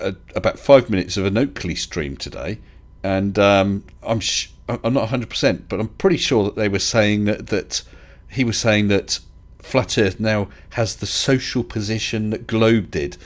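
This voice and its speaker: A man's voice: fairly low pitch, a little slow. A man hosting a casual live stream chat, talking in a hesitant, chatty way with restarts and chuckles. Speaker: livestream host.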